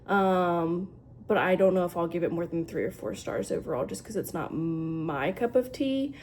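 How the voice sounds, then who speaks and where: A woman's voice: lowish voice, moderate pace, a little mellow, slight background noise. A young woman chatting casually to camera about books, full of fillers and likes. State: sleepy in the morning. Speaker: booktube vlogger. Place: home, later a dog park outdoors.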